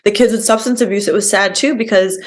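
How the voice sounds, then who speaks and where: A woman's voice: medium pitch, fairly even intonation, fast talker. A young woman guest on a podcast, telling her personal story earnestly, with many fillers like "like" and "you know".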